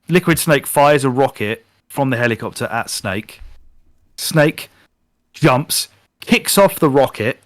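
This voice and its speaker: A man co-hosting a podcast in casual chat, animated and swearing freely while retelling things. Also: medium pitch, no echo, studio quality. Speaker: podcast co-host. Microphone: podcast microphone.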